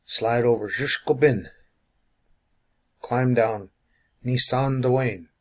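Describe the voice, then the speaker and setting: A man teaching language phrases, call and response, who repeats each phrase for learners to say back. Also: medium pitch. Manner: slow, drilling repetition of phrases.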